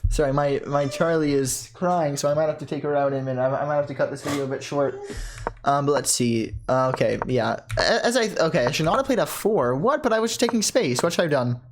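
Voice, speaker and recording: Excitable chess player thinking aloud. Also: medium pitch, background noise. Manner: excitable, thinks aloud with quick self-corrections. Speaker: chess player commenting on own games. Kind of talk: casual live chess commentary.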